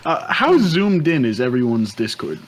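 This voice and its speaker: A man's voice: medium pitch, sing-song, moderate pace, slight background noise. A man arguing playfully over word meanings in casual chat before a tabletop game. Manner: chatty, argumentative, giggly. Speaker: player.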